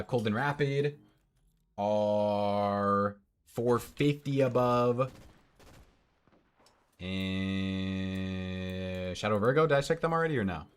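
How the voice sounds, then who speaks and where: A man's voice: mid-range voice, a bit bright. A young man streaming from home into a headset mic, casually commenting on a match and answering chat. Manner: chatty, reads out and answers chat.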